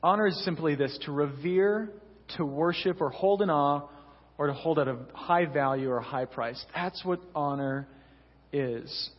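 A man's voice: fairly high pitch, unhurried. A young man, a senior pastor, preaching a sermon in a church in a conversational storytelling way, often adding "you know". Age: young adult. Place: church sanctuary. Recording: distant echoey hall, dull lo-fi sound.

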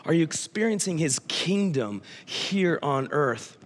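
A man's voice: a little high, expressive, unhurried. A man in his thirties preaching a sermon, telling a story animatedly and acting out his son's lines. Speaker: pastor. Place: church hall. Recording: church hall with long reverb.

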